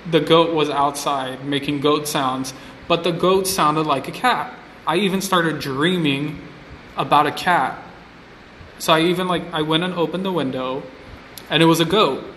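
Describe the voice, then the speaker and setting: A vlogger on an Instagram live stream, a man with a somewhat bright, high voice, chats casually to viewers from his phone, rambling, repeating himself, and using lots of filler "likes." The roomy phone audio has a long reverb tail and a little hiss or hum.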